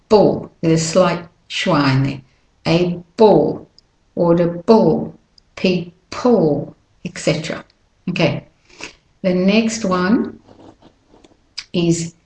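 Woman pronunciation teacher, low voice, unhurried and deliberate, in an echoey room. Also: darkish tone. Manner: slow, clear, repeats example words with drawn-out stress. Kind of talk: pronunciation lesson.

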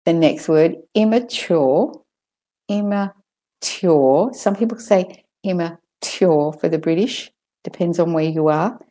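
A woman with an Australian accent teaching a pronunciation lesson, slowly modelling words again and again for learners to copy. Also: low voice, warm tone. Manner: slow, deliberate, models words repeatedly for copying.

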